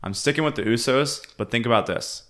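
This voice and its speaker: Bright-voiced man co-hosting a podcast. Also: mid-range voice, brisk. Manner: opinionated, swears casually. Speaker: podcast co-host. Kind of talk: casual wrestling podcast chat.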